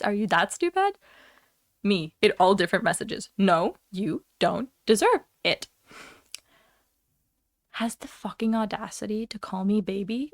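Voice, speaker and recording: Young woman streamer ranting, cussing a lot, kinda high voice, dry close sound. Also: dry recording. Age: young adult. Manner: heated, profane, animated storytelling. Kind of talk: casual ranting chat.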